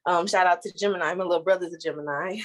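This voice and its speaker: A young woman on a video call chat, telling a family story in a hesitant, chatty way with many pauses. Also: fairly low pitch, low-quality recording. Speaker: guest sharing a story.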